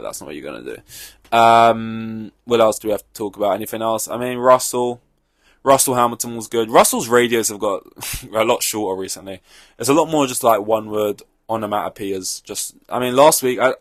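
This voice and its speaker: Rambling young man, low dry voice. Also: no echo. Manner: rambling and offhand, swears freely, lots of fillers. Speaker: podcast host. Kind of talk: solo casual race reaction chat.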